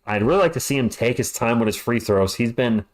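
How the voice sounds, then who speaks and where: A man's voice: medium pitch, expressive, brisk. A man calling a basketball game live as a fan commentator, chatting and ranting between plays. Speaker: play-by-play commentator.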